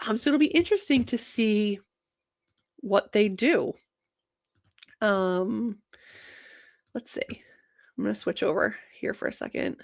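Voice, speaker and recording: A young woman hosting a casual livestream show, talking fast and energetically with many fillers. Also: medium pitch, lively intonation, vocal fry. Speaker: host of a banking livestream show.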